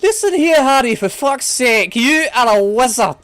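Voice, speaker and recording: A man putting on an impatient, gruff giant who loudly insists and swears. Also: mid-range voice, a little slow, lightly acted. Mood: exasperated.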